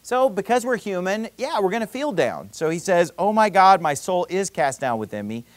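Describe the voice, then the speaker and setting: A man preaching a sermon in an animated, conversational way, full of rhetorical questions and quoted scripture. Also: sits high, moderate pace, no room sound. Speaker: pastor.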